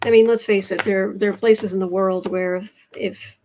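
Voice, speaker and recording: Reading cards and chat on her casual tarot livestream, this American host often restarts her sentences. She has a mid-range, slightly mellow voice with fairly even intonation and a moderate pace, and there's a little hiss or hum.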